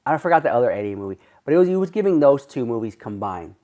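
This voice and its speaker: A man on a casual livestream, talking in a chatty, gossipy way at an ordinary mid pitch. His asides drift and ramble as he answers viewers' comments between thoughts. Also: very animated, fast, dark tone. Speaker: livestreamer reading chat.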